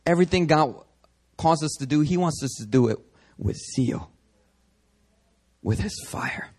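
A man preaching a sermon at a prayer meeting, animated and dramatic, moving between hushed stretches and loud bursts. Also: on the high side, unhurried. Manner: animated, acts out scenes, shifts from hushed to loud. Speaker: pastor.

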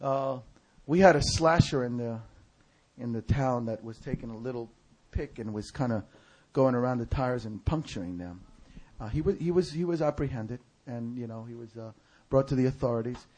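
A male preacher telling a story in a sermon. He shouts other people's lines in a high voice. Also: moderate pace.

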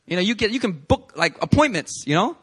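Animated young male preacher. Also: sits high, a little fast, slightly rough. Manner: animated and conversational, acts out little quoted scenes. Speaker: pastor. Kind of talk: sermon. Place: church service.

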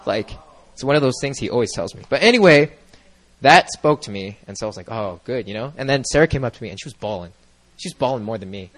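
A man's voice: medium pitch, lively intonation, a bit bright. Earnest young man rambling through a testimony. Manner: rambling and earnest, full of "like" and "you know", quick to laugh. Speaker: church member giving a testimony. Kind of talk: personal testimony at a church gathering. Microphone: microphone.

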